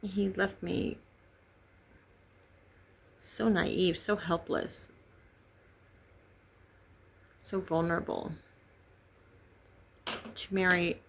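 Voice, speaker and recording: A middle-aged woman telling a painful personal story in halting, grieving, raw speech. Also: fairly low pitch, steady tone, vocal fry. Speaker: vlogger sharing a personal story. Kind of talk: candid personal testimony.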